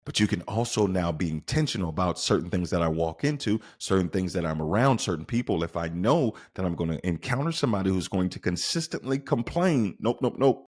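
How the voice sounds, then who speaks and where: Animated low-voiced male podcast host. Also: fairly quick, few pauses, breathy edge. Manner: emphatic, with rhetorical questions to the listener. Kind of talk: motivational podcast monologue.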